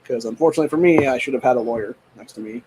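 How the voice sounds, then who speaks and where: A man's voice: medium pitch, rapid-fire, a little mellow, a little hiss or hum, poor audio. A man hosting a show, ranting in a heated, profane, rambling way and saying "dude" often. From United States. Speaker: show host. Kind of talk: casual political rant.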